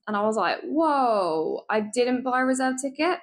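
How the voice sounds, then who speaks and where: A woman vlogger retelling a travel mishap in a lively, chatty storytelling way. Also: on the high side, moderate pace. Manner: lively, animated retelling with laughs and asides.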